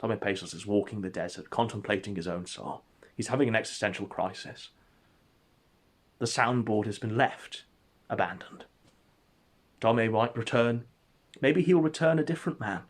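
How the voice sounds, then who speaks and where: A man telling an absurd story as comedic narration, in a deadpan, mock-epic way. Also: on the low side, normal speed, pauses often.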